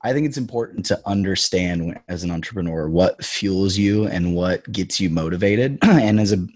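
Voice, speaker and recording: A man with a deep, husky, hoarse voice co-hosts a casual podcast chat. He talks in fired-up, competitive bursts, and his throat sounds scratchy and worn. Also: normal speed, darkish tone, no room sound. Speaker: podcast co-host.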